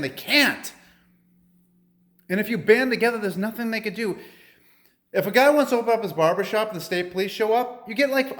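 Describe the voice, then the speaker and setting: A man's voice: sits high, fairly bright tone. A young man in a heated, profane political rant, repeating himself and firing off rhetorical questions. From United States.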